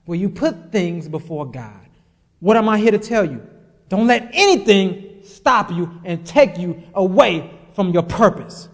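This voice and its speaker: A man's voice: sits high, darkish tone, big-room sound. A male pastor delivering an emphatic sermon, repeating phrases and asking the congregation rising questions.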